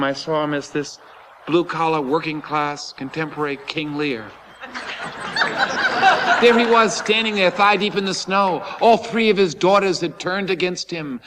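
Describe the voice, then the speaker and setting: Animated bright-voiced monologist in a theater. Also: male voice, on the high side, in a large hall, a little hiss or hum. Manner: animated, breathless, swings into comic character voices.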